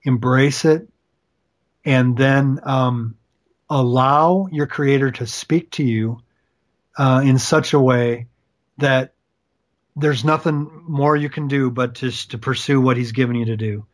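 A man's voice: medium pitch, fairly even intonation, slow pace. A man speaking as a guest author and coach in a faith-based interview, talking in an earnest, encouraging way with emphatic repetitions.

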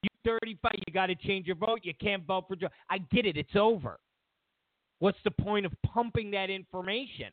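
A sarcastic male host delivers a mock-outraged rant, his fairly high voice leaping wildly between shouts and mutters. The sound is thin and phone-like, with no room echo. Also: expressive, normal speed. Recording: dry tinny phone-like sound.

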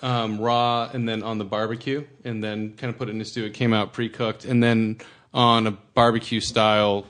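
A man's voice: lowish voice, little pitch movement, normal speed, a bit bright. A man co-hosting a podcast in casual chat, easygoing and enthusiastic about food.

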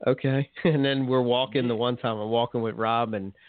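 A man's voice: medium pitch, steady tone, normal speed, no room sound. A man co-hosting a podcast in casual chat, telling rambling stories and laughing mid-sentence. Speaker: podcast co-host. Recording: tinny phone-like sound, dry.

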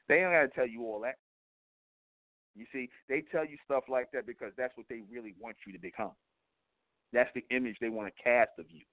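A man's voice: medium pitch, a little fast, no echo. A man hosting an internet radio talk show, delivering a blunt, profane, preachy monologue and repeatedly asking his listeners "you see?". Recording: tinny phone-line audio, dry.

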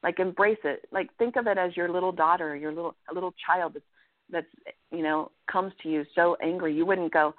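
Woman, life coach guest, earnest, animated, keeps asking "right?", tinny phone audio, no room echo. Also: fairly low pitch, a little fast. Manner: earnest, animated, frequent "right?" check-ins. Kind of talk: coaching advice in a podcast interview. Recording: dry, tinny phone-line sound.

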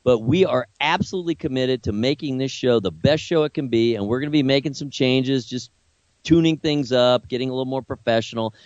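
A man's voice: medium pitch, fairly quick, a little mellow, dry recording. Older man, radio co-host, earnest, reflective, slightly muffled, dry sound. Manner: earnest and reflective, speaking openly about family loss. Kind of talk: radio talk show conversation.

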